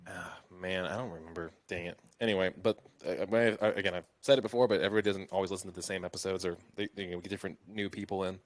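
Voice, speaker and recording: A man's voice: deep voice, fairly even intonation, very fast, few pauses, no echo. A man hosting a podcast interview, chatting casually and rambling with many fillers. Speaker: podcast host.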